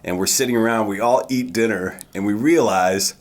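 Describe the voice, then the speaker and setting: This man has a lowish voice and co-hosts a podcast. He tells stories in a relaxed, wry manner, without hurrying. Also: moderate pace. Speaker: podcast co-host. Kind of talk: casual anecdote.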